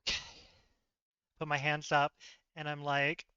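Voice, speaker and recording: A chatty man on a live tabletop stream, giggling and poking fun at himself. His voice is high and very bright. The sound is dry and slightly dull, like lo-fi audio. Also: monotone, unhurried, clean tone, no room sound. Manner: giggly, self-deprecating, chatty. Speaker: solo campaign player.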